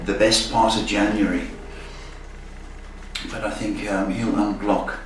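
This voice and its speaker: A man hosting a live-stream psychic reading, talking gently and often checking in with "okay?". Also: on the low side, flat delivery. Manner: slow, soothing, ends phrases with "okay?". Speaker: psychic host. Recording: echoey room, mic far off, faint noise.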